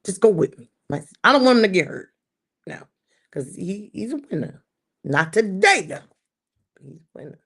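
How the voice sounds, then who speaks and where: A woman hosting a livestream, ranting casually to her chat about her football team. She repeats lines for emphasis and swings between shouting and muttering. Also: medium pitch, big pitch swings, normal speed, long pauses, slightly rough. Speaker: livestream host. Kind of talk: casual sports rant to live chat.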